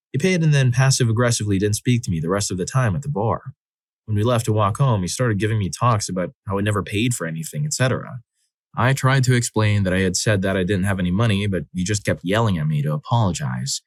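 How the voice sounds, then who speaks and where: Man, story narrator, low voice, steady read-aloud delivery, dry close recording. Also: no room sound. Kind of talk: scripted narration of reader stories.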